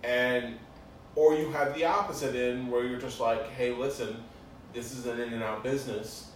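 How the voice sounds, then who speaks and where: Male co-host, relaxed and conversational, distant mic, echoey room. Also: mid-range voice, normal speed, slight background noise. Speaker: podcast co-host. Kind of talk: casual chat.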